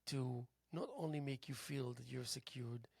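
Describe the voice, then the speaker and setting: A tired man hosting a local TV show, musing aloud in a halting philosophical monologue that drifts into soft whispers. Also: medium pitch, steady tone, gravelly, slightly rough, no room sound. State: tired, yawning. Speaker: host. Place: local cable TV studio.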